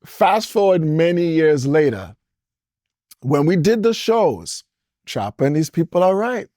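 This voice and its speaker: A man's voice: a little high, big pitch swings, measured pace, mellow, no echo, clean studio sound. Rambling Caribbean-born man telling stories. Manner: rambling, jumps between topics, chuckles often. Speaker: interview guest. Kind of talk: casual storytelling interview.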